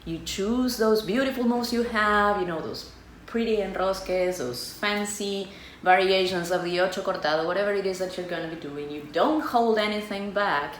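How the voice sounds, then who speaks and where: A middle-aged woman from Buenos Aires with an Argentine Spanish accent. She is a tango teacher explaining culture in a chatty, expressive way and acts out little scenes. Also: mid-range voice, normal speed, slight background noise. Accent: Argentine Spanish (porteño). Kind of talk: casual explanatory vlog. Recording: echoey room with faint ambience.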